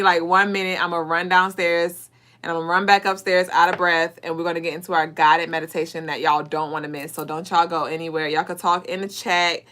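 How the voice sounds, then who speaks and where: A woman's voice: on the low side, fairly bright tone. A woman hosting a spiritual live stream, talking straight to her viewers in a laid-back way and leading a guided meditation.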